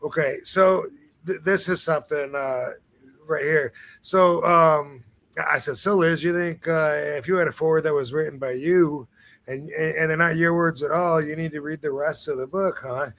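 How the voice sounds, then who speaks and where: Laid-back bright-voiced male host. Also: fairly high pitch, fairly even intonation, normal speed. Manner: laid-back, rambling with many fillers and restarts. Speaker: show host. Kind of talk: casual live-stream chat.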